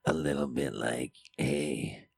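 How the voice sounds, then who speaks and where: Male podcast co-host, very deep, dry room, deadpan teasing. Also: normal speed, no echo. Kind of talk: casual joking chat.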